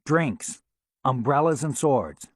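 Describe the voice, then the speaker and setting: Man doing a trickster god, mischievous, boastful, swinging high pitch, audiobook. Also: animated, takes it slowly, no room sound, studio quality. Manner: boastful, playful, laughs at his own tales. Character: mischievous trickster god, ancient male coyote spirit.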